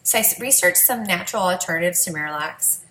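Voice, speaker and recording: A woman's voice: on the low side, expressive, fast, bright, forceful tone, reverberant, a little hiss or hum, rough recording. A woman, a mother, telling her family's story in a candid, emotional, conversational vlog.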